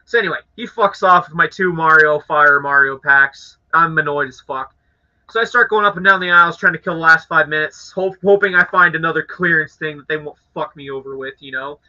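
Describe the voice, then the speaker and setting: A young man from Canada hosting a live stream, telling an annoyed story to his chat in a casual, animated way with swearing. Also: fairly high pitch, brisk. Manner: animated, swearing, acts out angry voices. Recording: dull lo-fi audio.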